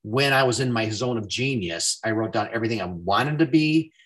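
The man hosting this casual interview podcast talks fairly quickly in a mid-range voice. He's a lively storyteller who acts out the lines he quotes.

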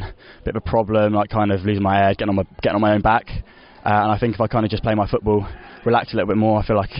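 A man's voice: fairly low pitch, lo-fi sound. A young man, a footballer, chatting in an interview, rambling with lots of "you know" and restarts. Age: young adult. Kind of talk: casual post-match interview.

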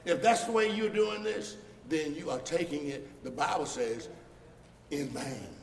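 High-voiced preacher shouting in an echoey church. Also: male voice, unhurried. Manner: preaching with rising shouts and mocking quoted voices. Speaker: pastor. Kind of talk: sermon. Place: church sanctuary. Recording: echoey hall from far off.

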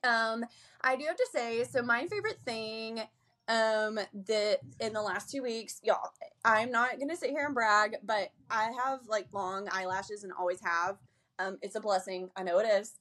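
A young woman co-hosting a podcast, talking fast and energetically and laughing often. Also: a little high, a bit bright. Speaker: podcast co-host. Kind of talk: casual chat.

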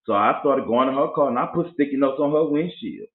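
A man's voice: medium pitch, brisk. Man telling stories over a tinny echoey line. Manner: animated storyteller acting out voices. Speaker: podcast host. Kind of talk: casual chat. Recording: tinny phone-like audio in an echoey room.

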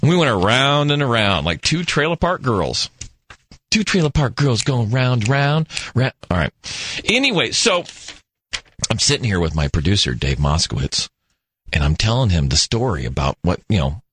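A man's voice: fairly low pitch, very animated, moderate pace, fairly bright tone, husky, dry recording. A male radio host telling a rambling, jokey story on air into a studio mic. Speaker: radio talk show host. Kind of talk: talk radio monologue.

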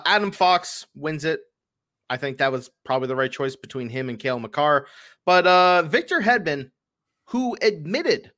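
Rambling man on a sports podcast. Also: medium pitch. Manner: rambling, filler-heavy, animated when telling a story. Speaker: podcast co-host. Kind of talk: casual sports chat.

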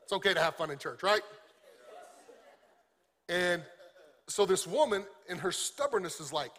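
A male pastor preaches in a loose, animated, conversational way and slips in jokes. His voice sits a little high and sounds bright and forceful. The delivery stays lively and informal throughout. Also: moderate pace, long pauses. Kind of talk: sermon.

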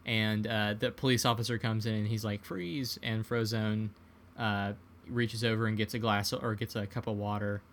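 A man's voice: lowish voice, little pitch movement, normal speed, fairly bright tone, slight background noise. Laid-back man chatting about a film. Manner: laid-back, retells scenes with quoted lines. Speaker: podcast co-host. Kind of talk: casual film discussion.

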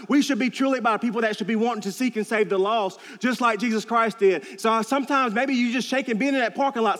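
High-voiced preacher in a reverberant church. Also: male voice, fairly bright tone. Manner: earnest, storytelling, repeats phrases for emphasis. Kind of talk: sermon. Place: church sanctuary.

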